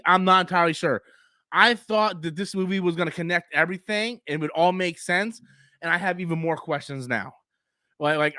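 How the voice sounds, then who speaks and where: A man's voice: high voice, bright, forceful tone, dry recording. A man hosting a casual live stream, heated and profane, who breathes through his mouth and coughs often.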